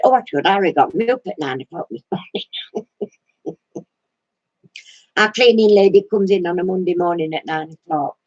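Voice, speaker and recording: A woman chats casually on her craft channel's live stream, wandering from thought to thought with plenty of hesitations. Her voice is husky and sits a little low. The recording is dry and a bit dull, lo-fi. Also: darkish tone, no room sound. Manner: rambling and hesitant, many fillers.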